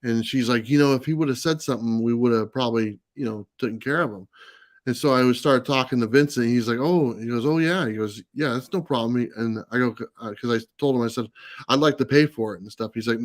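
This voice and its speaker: A man's voice: mid-range voice, fast talker, no room sound. A man telling a long anecdote in a casual livestream chat, full of fillers and restarts. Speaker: comics channel host. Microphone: live stream mic.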